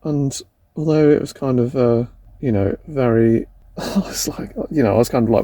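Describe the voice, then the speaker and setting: Young guy vlogging on the road: mellow, mid-pitched, rambling and self-effacing. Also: moderate pace, a little hiss or hum. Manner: rambling, tentative, laughs at himself. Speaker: van life vlogger. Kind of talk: casual vlog chat. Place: outdoors in a city and in a van.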